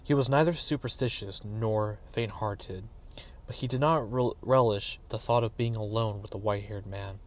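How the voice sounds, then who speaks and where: A man reading a fantasy novel aloud as narrator, in a measured, even storytelling voice. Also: fairly low pitch. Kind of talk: dramatic audiobook reading.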